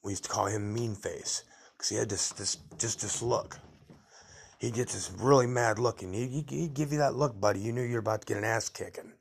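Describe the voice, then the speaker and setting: A middle-aged podcast host tells rambling, blunt, tough-guy stories from his youth in a casual monologue. His voice is lowish, a little fast, creaky and husky.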